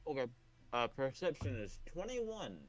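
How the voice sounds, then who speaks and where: A man playing a tabletop game over voice chat, describing his character's actions in a laid-back, drawn-out way. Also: mid-range voice, very animated. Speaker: player.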